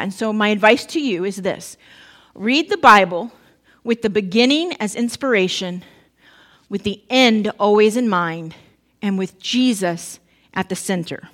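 A woman's voice: fairly high pitch, fairly bright tone. A woman pastor giving a casual, story-driven sermon with humorous asides.

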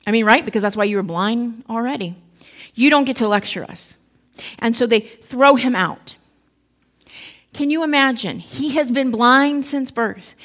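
A woman's voice: on the high side, fairly bright tone. Woman preaching a conversational sermon. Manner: conversational storytelling, acting out quoted voices.

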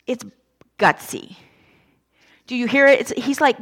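A woman preacher giving a sermon in a conversational, animated storytelling way with casual asides. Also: high voice, normal speed, pauses often.

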